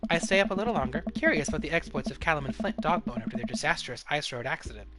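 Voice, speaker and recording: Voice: mid-range voice, very animated, racing, over loud music. Chatty streamer reading a game aloud. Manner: chatty, playful. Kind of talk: live game let's-play narration.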